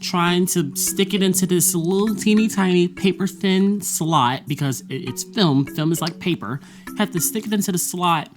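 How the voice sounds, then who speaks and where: Over background music, a vlogger with a mid-range voice recaps a college semester at a moderate pace. It's a casual monologue, blunt and profane, broken up by frequent laughter.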